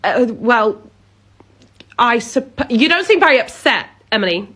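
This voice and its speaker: A woman's voice: a little high, very animated, measured pace, a bit bright, slightly rough, exaggerated voice. A woman playing a bossy, dismissive pub manager who talks down to her staff in a comedy sketch. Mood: condescending. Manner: condescending, talks down.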